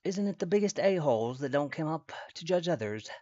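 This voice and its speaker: On a casual live stream, a man reacts with rambling, profane trash talk into his desk computer mic. His expressive, mellow voice runs on the high side at a brisk pace, and the audio is dry and muffled.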